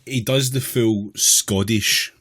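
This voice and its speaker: A man's voice: fairly low pitch, fairly even intonation, takes it slowly, a bit bright, slight background noise. A man co-hosting a podcast, complaining bluntly and emphatically with a lot of swearing. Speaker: podcast co-host. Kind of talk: casual film-review chat.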